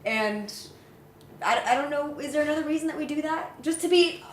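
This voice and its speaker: A woman's voice: high voice, a little fast, slight background noise. An American woman musician speaking earnestly and reflectively in a casual interview. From United States. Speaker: musician guest. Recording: roomy room.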